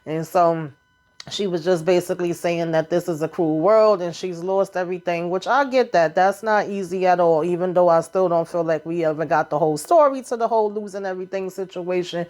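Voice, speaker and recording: A woman's voice: lowish voice, a little mellow. A woman giving a casual, sassy recap of a reality TV episode, full of chatty asides.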